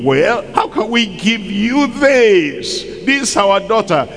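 A man's voice: high-pitched, sing-song, takes it slowly, fairly bright tone. A man preaching a sermon, full of rhetorical questions and acted-out quotes. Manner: emphatic, rhetorical questions, acts out quoted people. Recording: long hall reverb.

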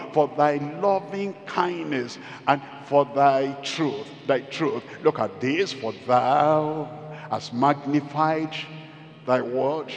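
Slow, emphatic preacher in a reverberant church. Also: male voice, a little high. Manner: emphatic preaching, repeats key phrases, builds to loud exclamations. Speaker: pastor. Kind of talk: sermon. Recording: long reverb of a church hall.

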